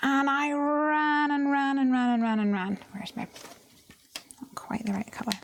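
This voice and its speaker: Speaking in a high, steady tone at a measured pace, this craft stream host chats through her card making session, sharing stories and laughing a lot. Background noise is audible.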